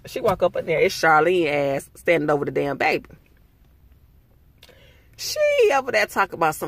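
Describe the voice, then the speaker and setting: A young man reviews a TV episode in a heated, profane rant with lots of animation. His voice sits somewhat high for a man, and the recording is dry and close with no room sound. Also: expressive, normal speed, gravelly, long pauses, fairly bright tone, dry recording. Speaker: TV show reviewer.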